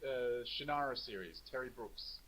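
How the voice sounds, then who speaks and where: A man's voice: mid-range voice, moderate pace, a bit bright, a little hiss or hum, rough recording. A young man, a co-author on a video call, talking casually and hesitantly with many fillers. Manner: hesitant, lots of ums and uhs. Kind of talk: casual chat.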